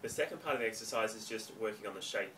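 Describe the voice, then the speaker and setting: A man teaching a home dance lesson, counting beats and giving clear step-by-step instructions. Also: lowish voice, rapid-fire, a bit bright. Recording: distant mic, faint room noise.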